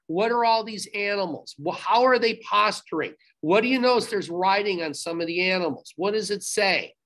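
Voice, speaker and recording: A man's voice: high-pitched, normal speed, a bit bright. A man teaching history in a recorded video lecture, speaking emphatically, repeating instructions and adding asides to the class, recorded on a laptop video-call setup.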